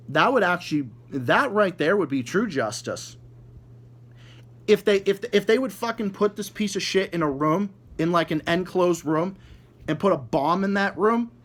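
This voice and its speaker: A man delivers a heated rant straight to his audience, cursing constantly and tripping over repeated words. His voice sits a bit high for a man, and it turns biting and sarcastic when he jabs at people he disagrees with. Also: fairly bright tone. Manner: mocking, sarcastic. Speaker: vlogger ranting to viewers. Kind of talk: angry profane rant.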